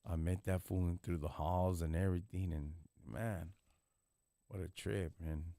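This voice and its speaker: A live stream host speaks in casual street slang, blunt and preachy. He is a man with a very deep voice, recorded dry and close. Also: steady tone, measured pace, warm tone, no room sound. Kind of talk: casual chat.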